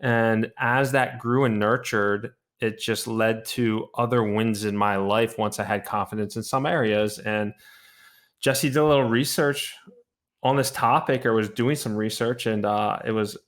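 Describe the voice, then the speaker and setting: Relaxed rambling male podcast host. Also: fairly low pitch, a little slow. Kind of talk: casual chat.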